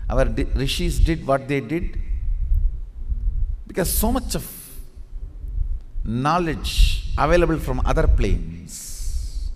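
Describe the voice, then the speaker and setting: A man's voice: medium pitch, very animated, takes it slowly, pauses often. A man giving a spiritual discourse as a teacher, emphatic and repeating words for effect. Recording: reverberant hall with faint noise.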